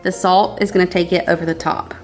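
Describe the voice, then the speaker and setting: A woman's voice: fairly low pitch, flat delivery, fairly quick. A woman hosting a casual cooking vlog from her home kitchen, bubbly and gushing. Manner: bubbly, gushing, says y'all often. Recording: roomy kitchen echo, faint music.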